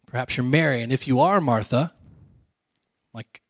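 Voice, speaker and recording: A male pastor giving a conversational sermon, asking the congregation questions and dropping to soft, quiet lines. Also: medium pitch, normal speed, no room sound.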